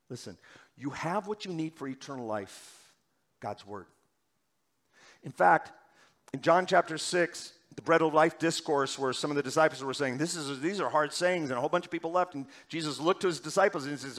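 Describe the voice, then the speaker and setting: A male pastor delivering a sermon, moving between loud urgent preaching and quiet, hushed passages. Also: on the high side, a little fast.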